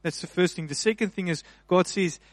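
High-voiced man preaching, dry sound. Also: no echo. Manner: preaching with rising emphasis and repetition; slow, deliberate stressing of key phrases. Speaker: pastor. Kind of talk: sermon.

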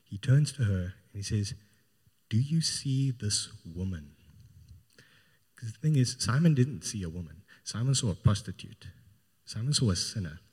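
A man's voice: fairly low pitch, animated, a little fast, darkish tone, breathy edge. A man preaching a sermon, retelling a Gospel story in an informal, storytelling way. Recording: long hall reverb.

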